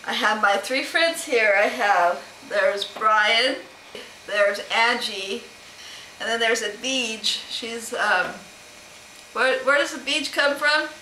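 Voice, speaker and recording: A woman's voice: a little high, slow pace, pushed and bright, roomy sound, slight background noise, rough recording. A middle-aged woman chatting casually to camera at home, rambling and laughing as she answers questions. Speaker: vlogger answering a question tag. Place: home room.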